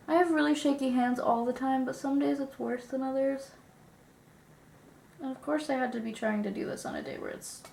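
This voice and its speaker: A woman's voice: high-pitched, gravelly, a little mellow. Young female vlogger, sniffly, self-mocking and sweary, recorded in an echoey room with faint background hiss. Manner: self-deprecating, swears casually, drifts into mutters. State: sniffly, getting over an illness. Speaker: beauty vlogger. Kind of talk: casual chat while doing makeup.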